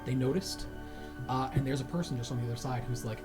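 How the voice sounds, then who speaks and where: A woman's voice: a bass voice, quick pace, over music. A woman game master narrating a sci-fi tabletop game in a casual, rambling way. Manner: casual, filler-heavy, giggly.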